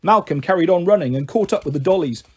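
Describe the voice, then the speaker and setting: A man reading a children's novel aloud, lively and acting out the characters. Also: high-pitched, quick pace, husky. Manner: lively, acts out every character with shifting voices. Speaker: storyteller.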